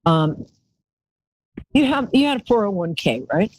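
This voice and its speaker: A woman's voice: medium pitch, sing-song, unhurried, background noise. A woman hosting a live call-in psychic show, chatty and rambling, calling her callers darling.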